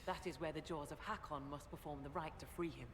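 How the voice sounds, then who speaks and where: A woman's voice: sits low, fast, lightly acted. An actress voicing a stern female warrior chieftain in a video game, clipped and commanding.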